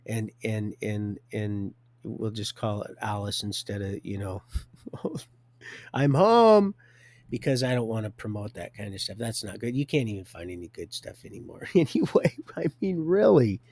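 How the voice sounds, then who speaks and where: A man's voice: fairly low pitch, steady tone, normal speed, dry recording. A man in his fifties telling his life story on a live stream, rambling, stopping and restarting, and chuckling often.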